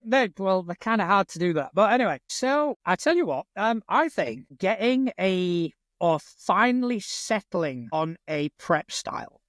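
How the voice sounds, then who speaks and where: Northern english guy on a gaming podcast, swears a lot, bit high voice, dry sound. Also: very animated, unhurried, few pauses, a bit bright, no echo. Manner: blunt and sweary, self-deprecating. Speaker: podcast co-host. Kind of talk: casual chat.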